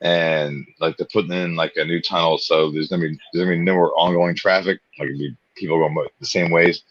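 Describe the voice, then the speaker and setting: A man's voice: low voice, level tone, a little fast, no echo. A man co-hosting a live stream, laid-back in his chat, laughing often and swearing casually. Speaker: co-host of a live watch party stream. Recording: dull, muffled stream audio.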